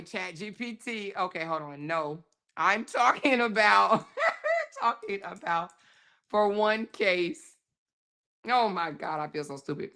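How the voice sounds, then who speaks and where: A woman hosting a casual livestream, reading chat comments aloud and reacting with frequent laughter and animated, slangy talk. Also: mid-range voice. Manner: animated, laughs often, African American Vernacular English.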